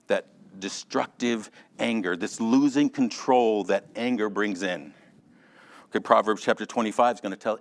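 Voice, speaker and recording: A man teaching a Sunday school Bible lesson in a lively, conversational way, calling on class members by name and joking along the way. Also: on the low side. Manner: animated, addresses class members by name, jokes.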